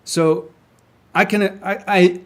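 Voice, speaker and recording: Young man, angry solo rant, swearing, stumbling restarts, slightly high voice. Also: fairly even intonation, takes it slowly, a bit bright. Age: young adult. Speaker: independent crypto commentator. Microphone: camera mic.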